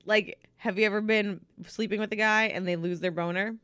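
A woman's voice: medium pitch, fairly even intonation, a little fast, a bit bright, smooth, dry recording, studio quality. A woman co-hosting a podcast in casual chat, crude and teasing, laughing often. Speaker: podcast co-host.

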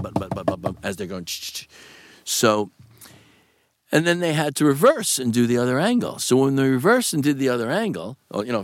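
Animated male guest, wide-ranging pitch, dry close sound, rambling and profane. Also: no echo. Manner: animated, rambling, swears, laughs often. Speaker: actor guest. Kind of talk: interview storytelling.

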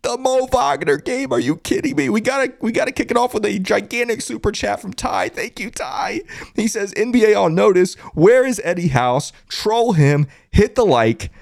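A man hosting a hyped postgame live stream, reading chat aloud and shouting with excitement. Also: high voice, normal speed, creaky, dry recording, studio quality. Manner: excited, loud, shouting catchphrases. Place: closet at a family home.

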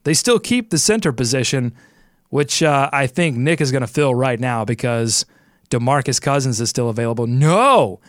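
A man's voice: mid-range voice, normal speed, no room sound. Upbeat male podcast host, dry sound. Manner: upbeat, jokey, thinking aloud while picking. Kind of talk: casual sports podcast chat and ad read.

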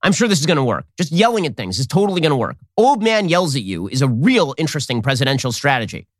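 A man hosting a political commentary show, talking in a rapid, sarcastic, mocking monologue. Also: on the high side, sing-song, no echo, studio quality. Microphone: studio mic with earpiece.

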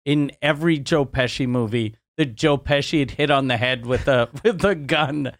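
A man's voice: mid-range voice, moderate pace, no room sound, clean studio sound. A man in casual chat, mostly short reactions and joking asides with some swearing.

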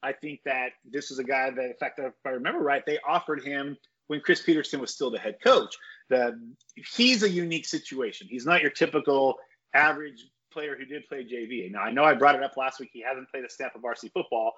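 A man's voice: medium pitch, a little fast, bright, forceful tone, breathy edge, dull audio. A man giving his opinions on college football in a casual podcast chat. He rambles with restarts and strong takes.

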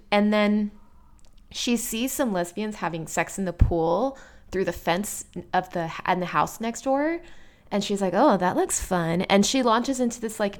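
A woman co-hosting a casual chat, retelling a plot in an animated, blunt, dramatic way. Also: medium pitch. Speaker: podcast co-host.

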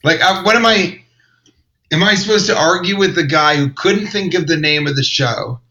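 A man's voice: on the high side, moderate pace, sharp tone, rough recording. A man, a comedian, telling a rambling, wry story in casual chat. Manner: rambling, wry, self-interrupting. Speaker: comedian and podcast host.

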